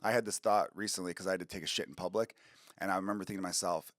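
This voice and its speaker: A man's voice: low voice, fairly even intonation, fairly bright tone, no room sound, studio quality. Snel pratende man, droog opgenomen. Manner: quick, loose storytelling with crude jokes. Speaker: podcast guest, comedian. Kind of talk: casual chat.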